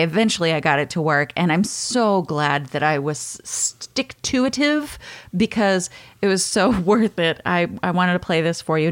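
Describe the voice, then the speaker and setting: Chatty woman podcast host, lowish voice. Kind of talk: casual storytelling chat.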